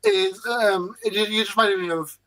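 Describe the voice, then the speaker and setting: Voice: medium pitch, big pitch swings, moderate pace, pushed and bright, slight background noise, low-quality recording. A speaker in a casual panel chat who eagerly jumps in with new topics.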